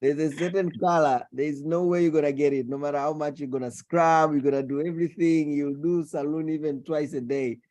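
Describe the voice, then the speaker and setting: A man's voice: fairly high pitch, fairly even intonation, fairly quick, hardly any pauses, darkish tone. A man hosting an online business meeting, effusive and joking, often repeating words. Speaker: meeting host. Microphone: video call.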